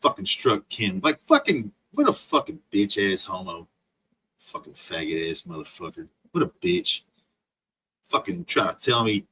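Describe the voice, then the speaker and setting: A man's voice: fairly low pitch, very animated, normal speed, bright, forceful tone, breathy edge. A man streaming an angry, profane rant full of insults. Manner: profane, insult-laden ranting.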